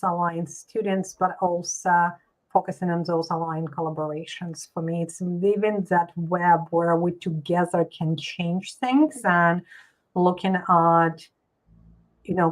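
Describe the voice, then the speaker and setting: A woman's voice: on the low side, measured pace, poor audio. Thoughtful woman explaining a tarot card. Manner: thoughtful, explains her readings. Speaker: guest tarot reader. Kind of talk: casual live chat.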